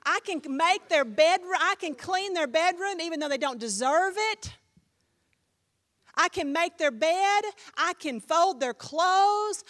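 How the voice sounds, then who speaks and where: A woman pastor preaching with lively, animated storytelling. Her voice sits high and swings widely up and down. She drops into the voices of the people she quotes. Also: long reverb tail. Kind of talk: sermon.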